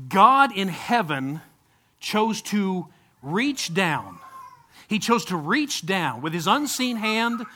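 High, bright-voiced male pastor. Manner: conversational, with frequent restarts and sudden bursts of excitement. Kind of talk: informal sermon at a baptism service.

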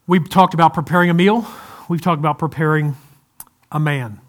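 A man with a fairly high-pitched voice preaches to his congregation. His delivery is loose and conversational, with light humor and frequent restarts. His service is also streamed to viewers at home. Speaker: pastor. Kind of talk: sermon.

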